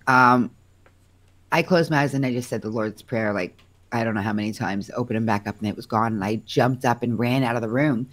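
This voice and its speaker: Woman with a real low voice, rambly storytelling, keeps correcting herself. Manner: rambling, self-correcting, animated when quoting others. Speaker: guest. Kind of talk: telling a personal story in a live chat.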